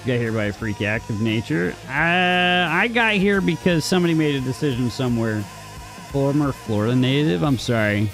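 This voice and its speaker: A man's voice: medium pitch, animated, measured pace, soft background music. A man streaming a strategy game, chatting casually and answering his chat, often repeating words as he talks. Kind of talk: casual gaming commentary, reading chat.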